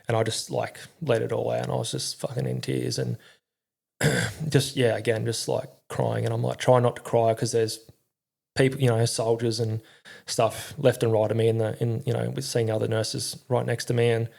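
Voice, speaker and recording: A young man speaks in a gravelly, mellow voice with little rise and fall. He tells his story candidly in an interview. His speech is halting and full of fillers, with frequent swearing. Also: mid-range voice, level tone. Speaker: podcast guest, army veteran.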